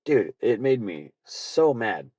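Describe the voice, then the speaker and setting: A podcast host telling casual, rambling stories with lots of swearing and frequent laughter. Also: male voice, medium pitch, sing-song, takes it slowly, a little mellow, no echo. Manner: profane, rambling, laughing often. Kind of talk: casual storytelling.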